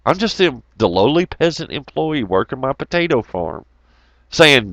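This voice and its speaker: A man's voice: mid-range voice, very animated, normal speed, fairly bright tone, no echo. A man giving a profane, rambling, jokey monologue to his viewers, laughing often. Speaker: YouTube commentator. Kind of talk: casual ranting monologue.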